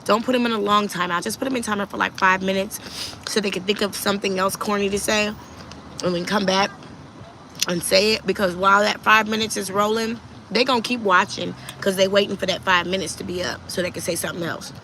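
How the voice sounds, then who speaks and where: A woman's voice: medium pitch, fairly even intonation, fairly quick, bright, forceful tone, slight background noise, poor audio. Chatty woman streamer answering comments. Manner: chatty, reads viewer comments aloud and answers them. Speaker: livestream host. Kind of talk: casual livestream chat.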